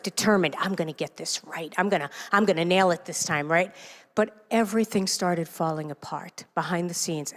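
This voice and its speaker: A woman from New York City giving an inspirational talk to a congregation as a self-help author, telling stories with animated, self-deprecating humor. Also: mid-range voice. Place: church sanctuary. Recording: long reverb of a large hall.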